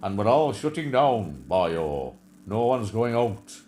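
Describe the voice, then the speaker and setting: A man putting on a slow, mournful Welsh accent as a gloomy middle-aged politician. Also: fairly low pitch, sing-song, darkish tone, slight background noise. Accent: Welsh put-on.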